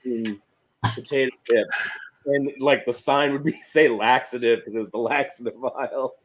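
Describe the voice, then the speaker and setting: A man co-hosting a casual stream, joking loosely and quick to laugh. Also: mid-range voice, fairly even intonation, rough recording. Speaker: podcast co-host. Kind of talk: casual chat.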